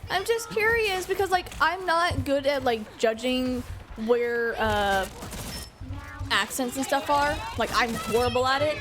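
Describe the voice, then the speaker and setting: A woman's voice: sits high, expressive, measured pace, music in the background. A young American woman streaming a game, chatting casually and rambling with lots of fillers. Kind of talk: casual chat while gaming.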